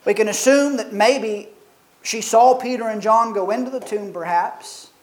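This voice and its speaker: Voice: medium pitch, moderate pace, poor audio. A preacher delivers a sermon in a mid-range voice, reading scripture and then reflecting on it earnestly. The delivery leans on rhetorical questions put to the listeners.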